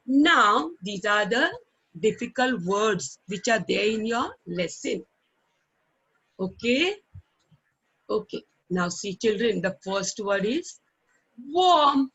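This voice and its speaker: A middle-aged woman with an Indian English accent teaching children in an online class. She talks slowly and patiently, repeating words for the children to copy and often checking in with a coaxing "okay?". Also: medium pitch, a bit bright, breathy edge, dull audio. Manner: ends phrases with coaxing "okay?". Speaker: primary school English teacher. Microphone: online call microphone.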